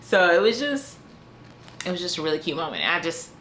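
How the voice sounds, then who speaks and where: A woman's voice: lowish voice, big pitch swings, brisk, a bit bright, slight background noise. A woman giving a casual book review in a chatty way, full of fillers like "um" and "you know" and frequent restarts.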